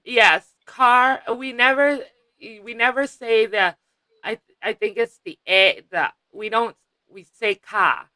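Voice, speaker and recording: A woman with a Massachusetts accent chats casually as the host of a live stream. Her voice is bright and a touch sharp, and she takes her time, drawing out words and letting sentences trail off. She laughs easily between thoughts. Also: on the high side, takes it slowly, no echo, rough recording.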